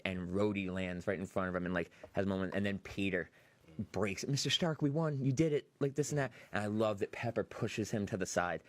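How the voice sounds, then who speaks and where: A man hosting a podcast, excitedly retelling a film's scenes and acting out the quotes. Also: low-pitched, no room sound. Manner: animated retelling, acts out quotes. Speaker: podcast host. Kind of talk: excited movie review chat.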